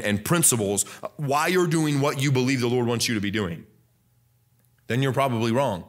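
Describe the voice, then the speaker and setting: Preaching with fire, this young Baptist pastor is loud and emphatic, echoing scripture lines over and over. His delivery moves between quiet asides and soaring, excited proclamation.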